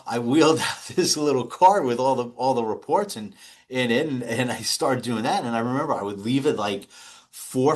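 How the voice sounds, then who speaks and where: Middle-aged man, interview guest, relaxed storyteller prone to restarts and chuckles. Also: mid-range voice. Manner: rambling, anecdotal, frequent restarts and laughs. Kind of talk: casual interview talk. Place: home or office.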